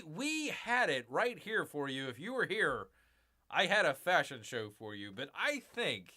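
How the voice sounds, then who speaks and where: A man hosting a casual live stream, talking to his viewers in a loose, rambling way. His voice is bright and forward, and it jumps up and down in pitch a lot. It sits a little higher than most men's. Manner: chatty, rambling, talks to viewers as "people", calls himself Bear. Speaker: livestream host.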